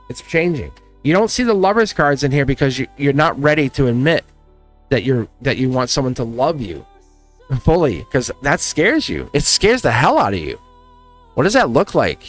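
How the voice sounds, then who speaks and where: A man giving a casual tarot reading to his viewers, warm-hearted and emotional, with frequent laughs and asides. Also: medium pitch. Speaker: tarot reader.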